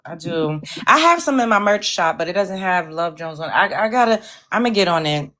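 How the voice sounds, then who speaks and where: A woman's voice: on the low side, animated, fairly quick, fairly bright tone. A woman hosting a casual livestream chat, talking in a blunt, slangy way and joking about herself. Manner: blunt, slangy, self-mocking. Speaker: livestream host.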